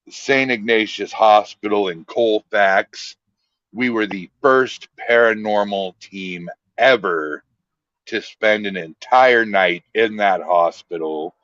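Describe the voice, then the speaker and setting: Slow and a bit bright, with a lowish pitch, the paranormal team founder chats as a podcast guest, drawling through his stories at a relaxed clip. There's no echo, just a dull, dry, lo-fi recording.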